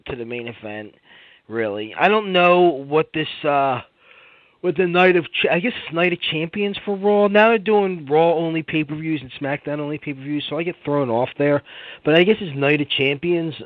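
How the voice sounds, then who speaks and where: A man's voice: medium pitch, no echo. Rambling man on lo-fi radio. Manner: rambling, opinionated, with restarts and asides. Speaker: radio show host. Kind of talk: casual wrestling talk radio.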